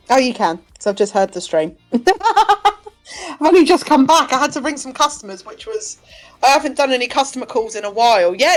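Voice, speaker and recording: A young woman chatting casually on a live stream as co-host, laughing often and swearing now and then. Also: a little high. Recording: faint music behind.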